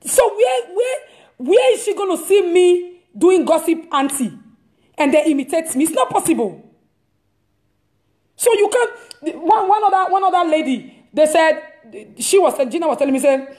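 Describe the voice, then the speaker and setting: A woman's voice: extremely high pitch, animated, normal speed, darkish tone. A woman, a preacher telling an emphatic, repetitive testimony on a live stream. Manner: emphatic, repeats words, storytelling. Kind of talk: casual testimony talk. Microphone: live stream device mic.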